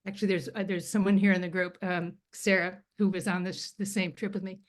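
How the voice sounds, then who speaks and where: A woman's voice: fairly low pitch, little pitch movement, fairly quick. A woman, a magazine founder, tells a self-deprecating story in a casual interview over a video call. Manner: chatty, self-deprecating anecdotes with laughs.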